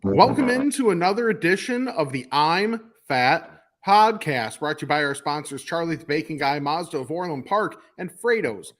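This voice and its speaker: A man's voice: a little high, animated, normal speed, fairly bright tone. A man co-hosting a podcast in casual chat, jokey and self-deprecating, recorded in a studio with video cameras. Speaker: podcast co-host.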